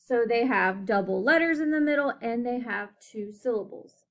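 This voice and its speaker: A woman teaching a phonics lesson to children, enunciating slowly and clearly and often checking in with "okay?". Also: a little high, expressive.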